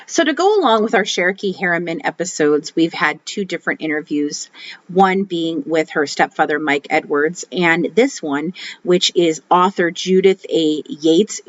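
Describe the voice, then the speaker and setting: Woman podcast host, chatty, filler words, slightly lo-fi sound. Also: lowish voice. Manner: chatty, uses fillers, laughs easily. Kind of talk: casual interview chat.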